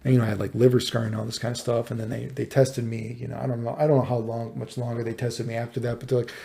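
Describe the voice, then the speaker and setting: Gravelly, dark-voiced man telling a story. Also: medium pitch, little pitch movement, racing. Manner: rambling, profane, exasperated retelling. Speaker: vlogger. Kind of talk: casual personal storytelling.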